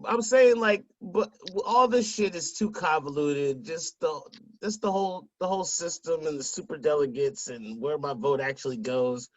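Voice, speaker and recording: A man's voice: on the high side, normal speed, no room sound. A man co-hosting a podcast in casual chat, dropping dry, wisecracking remarks, on slightly muffled remote call audio. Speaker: podcast co-host.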